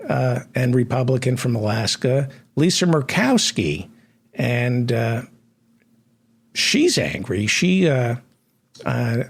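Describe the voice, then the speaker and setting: A man hosting a satirical news show, talking slowly with a husky edge. His pitch swings widely as he drops deadpan asides. The delivery stays dry and mocking. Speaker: comedy news host.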